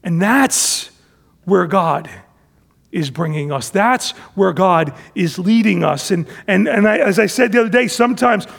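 A middle-aged male pastor preaching in a loose, conversational way, restarting his phrases and acting out little exchanges. His voice sits high for a man and has a gravelly edge. The sound carries a long reverb from a big hall. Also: expressive, unhurried. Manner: conversational, many restarts, acts out family dialogue. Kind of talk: sermon.

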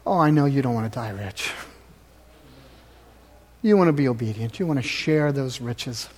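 A male pastor preaching a sermon in a church sanctuary, swinging from loud exhortation to near-whispers. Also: mid-range voice, animated, normal speed.

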